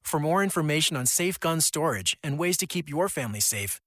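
A man reads a public service announcement calmly and earnestly. His voice sits a little high. The recording is dry and close, with no room sound. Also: a little fast, few pauses, no room sound. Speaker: PSA narrator.

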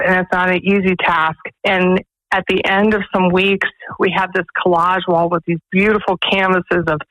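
An earnest woman tells stories as a radio interview guest. She leads a faith-based pregnancy center and talks in an animated, storytelling way. The studio sound is dry and close. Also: lowish voice, no echo, rough recording. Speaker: executive director of a pregnancy resource center.

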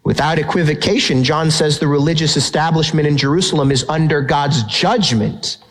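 A middle-aged male pastor preaching with an expressive delivery, his voice sitting a little higher than most men's. He dramatizes the questions and answers in the text he explains. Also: normal speed, poor audio. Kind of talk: sermon.

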